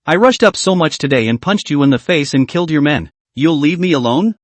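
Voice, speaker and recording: A man's voice: on the high side, expressive, a little fast, no echo, close to an everyday voice. A man doing a cocky young hero. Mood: mocking. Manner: mocking, confident.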